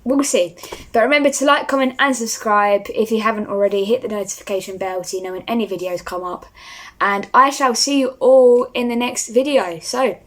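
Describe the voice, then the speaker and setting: A woman's voice: fairly high pitch, a little fast. A young woman, talking casually to camera as a vlogger and rambling with lots of fillers. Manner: rambling, starstruck, many fillers.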